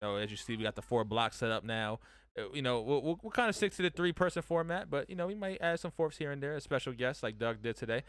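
Bright fast-talking man hosting a chat show. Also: medium pitch, lively intonation, no room sound, clean studio sound. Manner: loose, joking, laughs often. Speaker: podcast host. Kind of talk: casual group chat. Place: studio room with several guests.

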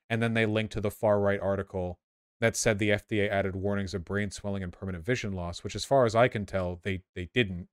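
A man giving casual, sarcastic commentary while reacting to video clips, with quick asides. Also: lowish voice, clear, resonant tone, no echo, clean studio sound.

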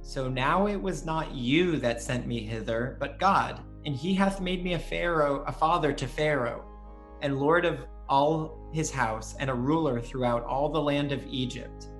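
Man reading scripture slowly. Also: a little high, faint music behind. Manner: measured, deliberate reading. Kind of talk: scripture reading and casual chat.

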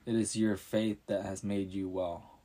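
A man voicing a calm, kindly male healer who speaks softly and gently in a storybook reading. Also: lowish voice, measured pace. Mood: gentle. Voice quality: soft-spoken, gentle.

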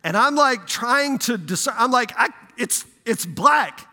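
A man preaching as a pastor, telling a lively personal story in a sermon, growing loud and excited. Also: very high voice, a little slow, in a large hall. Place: church sanctuary.

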